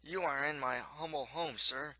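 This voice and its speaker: A man's voice: a little high, normal speed, sharp tone, no room sound, low-quality recording. A man voicing a humble, nervous middle-aged townsman who speaks deferentially to royalty, in a storybook reading.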